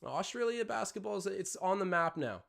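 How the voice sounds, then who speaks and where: A man's voice: high-pitched, lively intonation, moderate pace, gravelly, a bit bright. A young Canadian man hosting a live watch-along stream, mixing casual play-by-play with rambling chatty tangents.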